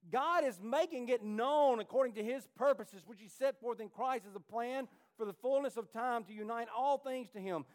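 Male pastor with a high voice, preaching a fervent, pleading sermon. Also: normal speed, few pauses. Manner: impassioned preaching, pleading then rising. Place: church.

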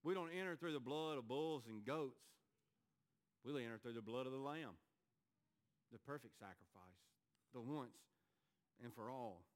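Male pastor, sermon, earnest, rises to emphatic peaks then drops low and quiet, mid-pitched voice. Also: a little slow, pauses often.

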